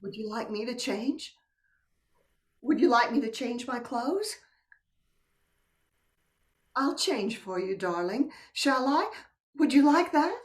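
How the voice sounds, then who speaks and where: A woman's voice: a little high, animated, takes it slowly, long pauses. A woman playing a coquettish married woman in a stage play, teasing and dropping to whispers. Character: coy married woman playing a seductive game. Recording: echoey room, from a distance.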